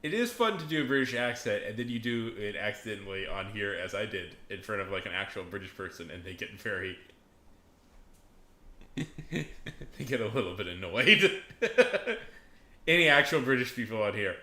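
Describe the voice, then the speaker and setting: A man's voice: on the low side, animated, normal speed, sharp tone. A man chatting casually on a live stream, rambling and joking, often laughing and trailing off mid-thought. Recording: echoey room with faint ambience.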